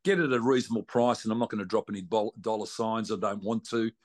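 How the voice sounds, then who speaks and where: Speaking fast in a lowish voice, a man with an Australian accent recounts a long tale as a racing guest. The storytelling is casual, blunt, and full of salty colloquialisms.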